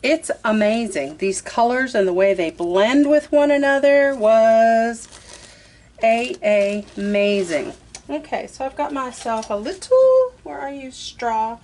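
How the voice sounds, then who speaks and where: A woman's voice: fairly high pitch, moderate pace, hardly any pauses, darkish tone. A woman, chatting her way through a craft tutorial, talking to herself as she works. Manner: chatty, talks to herself while working, says "y'all". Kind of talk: casual step-by-step craft tutorial.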